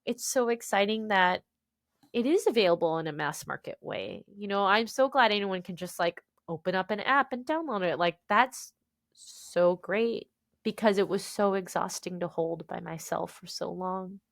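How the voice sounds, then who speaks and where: An American woman in her thirties, an author guest on a podcast, talking in a lively, expressive way. Her voice sits in a middling register and comes across close and dry, with no room sound at all. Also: mid-range voice, normal speed, creaky, no room sound. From United States. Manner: animated, expressive storytelling. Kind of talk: podcast interview.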